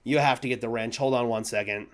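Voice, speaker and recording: A young man hosting a fan live stream, stammering and overwhelmed, swinging from hushed thanks to shouting. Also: mid-range voice, steady tone, fast talker. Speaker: fan channel host.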